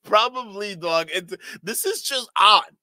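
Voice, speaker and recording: High-voiced man laughing through stream reactions. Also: animated, unhurried, pushed and bright, no echo. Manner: laughs constantly, slangy, mocking. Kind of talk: live-stream reaction commentary.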